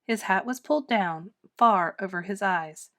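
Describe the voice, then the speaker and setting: A woman reading a children's storybook aloud with dramatic, expressive narration. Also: medium pitch, measured pace. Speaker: storybook reader. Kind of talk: children's book read-aloud.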